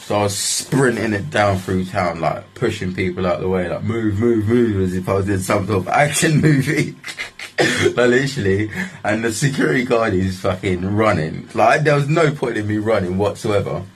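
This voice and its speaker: A man's voice: on the low side, moderate pace, slight background noise. A young man, telling a story in a casual, rambling way, full of swearing and "like". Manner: rambling, swears often, restarts lines with "like". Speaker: vlogger.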